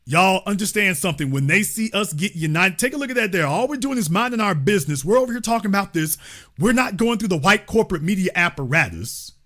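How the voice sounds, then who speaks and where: A man with a high, bright, forceful voice hosts a live call-in show, talking fast in a sing-song way. He taunts a caller with sarcasm and repeats phrases for emphasis.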